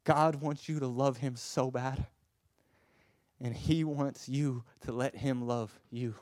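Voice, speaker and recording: A man's voice: medium pitch, steady tone, slow, dry recording. Passionate male preacher, dry close sound. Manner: passionate, swings from hushed to emphatic, repeats words when stirred. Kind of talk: sermon.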